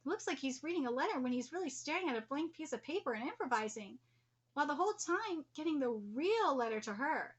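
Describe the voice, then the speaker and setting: A woman's voice: sits high, lively intonation, brisk. A woman streamer reading a manga aloud live and reacting playfully. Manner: reads every character aloud herself, playful.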